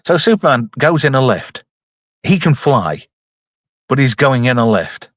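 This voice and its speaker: Jokey man, lively voice. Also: mid-range voice, unhurried, pauses often, dry recording, studio quality. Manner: jokey, reads out chat, puts on silly voices. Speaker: streamer reviewing a film. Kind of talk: casual live commentary.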